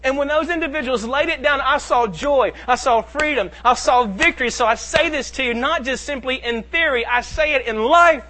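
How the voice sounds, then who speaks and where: Bright high-voiced male pastor preaching. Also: normal speed, hardly any pauses. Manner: preaching with emphatic rises and drops in volume. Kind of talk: sermon.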